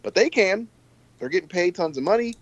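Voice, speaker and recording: A man co-hosting a casual football podcast, giving calm, reasoned takes on the team. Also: sits high, brisk. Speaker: podcast co-host. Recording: slightly dull, lo-fi sound.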